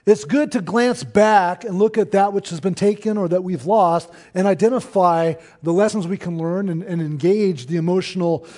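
A man preaching a sermon to his church, in an earnest, conversational way with pauses. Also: high voice, mellow. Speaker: pastor.

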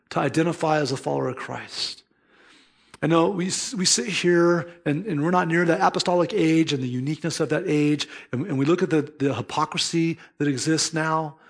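A male pastor preaching a sermon in an earnest, emphatic manner. His voice sits fairly high for a man. He weaves scripture and stories together as he speaks. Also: moderate pace.

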